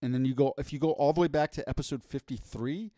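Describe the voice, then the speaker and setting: A man's voice: medium pitch, warm tone, no room sound. Playful riffing podcast co-host, a man. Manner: playful, quick to riff into silly voices. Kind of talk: casual chat.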